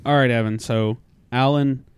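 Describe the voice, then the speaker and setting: A man's voice: medium pitch, fairly even intonation, normal speed, smooth. A man co-hosting a casual comedy podcast who jokes, laughs often and acts out little bits. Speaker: podcast co-host.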